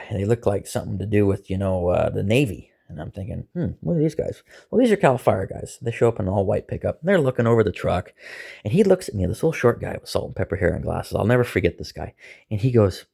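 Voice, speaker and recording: A man casually telling a long personal story, animated and acting out the voices of others. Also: fairly low pitch, fast talker, vocal fry, slightly rough. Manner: animated, acts out quoted voices, chuckles. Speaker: storyteller recounting an arrest.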